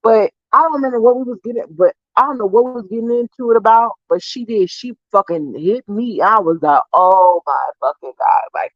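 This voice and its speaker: A young adult woman casually telling stories to her viewers in an animated, profane, laughing way. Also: brisk, hardly any pauses, dry recording. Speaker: vlogger. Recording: dull, dry low-fi sound.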